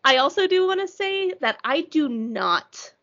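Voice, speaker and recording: Woman co-host, high and lively, rambly, lo-fi mic. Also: a little slow. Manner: rambling, fillers like "like", anxious humor. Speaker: book podcast co-host. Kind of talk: casual chat. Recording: dull lo-fi sound.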